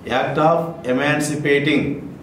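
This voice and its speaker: Man, vocabulary drill, spells letter by letter, very slow, echoey room. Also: on the high side, steady tone, fairly bright tone, slight background noise. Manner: spells each word letter by letter, then gives a meaning. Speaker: vocabulary teacher. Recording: echoey room with faint ambience.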